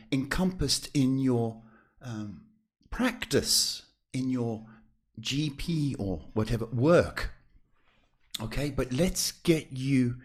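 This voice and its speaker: A man hosting a live psychic reading podcast, talking in a reassuring, chatty way with drawn-out emphasis and many fillers. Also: medium pitch, slightly rough. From South Africa. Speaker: psychic host.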